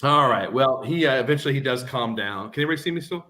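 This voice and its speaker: A man's voice: medium pitch, animated, quick pace, sharp tone. A man narrating as game master in a rambling, casual way. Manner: rambling, full of fillers and laughs.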